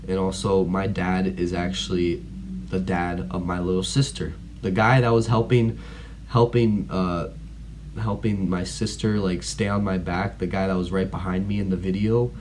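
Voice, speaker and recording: A man's voice: sits low, fairly even intonation, a little slow, darkish tone, a little hiss or hum. A teenage boy telling a story in a casual vlog, rambling with lots of "like" and some blunt swearing. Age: teens. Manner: rambling, heavy use of "like", blunt and profane at times. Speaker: vlogger.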